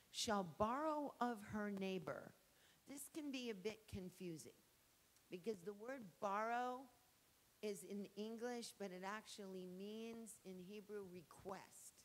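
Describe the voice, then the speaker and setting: A woman preaching a sermon with fervor, swinging from loud exhortation to soft acted asides. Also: medium pitch, poor audio. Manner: fervent, shifting between shouted exhortation and soft acted asides.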